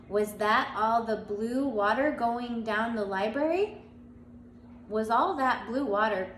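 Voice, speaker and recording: A woman's voice: a little high, fairly bright tone. A woman reading a children's chapter book aloud with small slips and restarts, voicing the characters as she goes, a bit stuffy from allergies and coughing now and then. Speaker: reader. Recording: echoey room, faint background hum.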